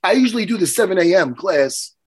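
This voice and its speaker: A middle-aged man, hoarse from losing his voice, telling a story in casual, profane chat and acting out quotes. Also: high voice, brisk. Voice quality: hoarse, worn voice. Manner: animated, profane, acts out quotes. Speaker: podcast host.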